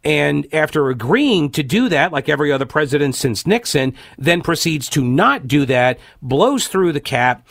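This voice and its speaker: Man, talk radio host, gravelly voice, dry close sound, animated political commentary. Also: fairly high pitch, normal speed, few pauses, no room sound. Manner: animated, exasperated, frequent fillers and restarts.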